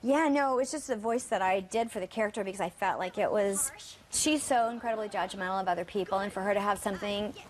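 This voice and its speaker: A woman from the United States, a guest actress and singer, chats casually in an interview and laughs often. She speaks quickly in a mid-range voice.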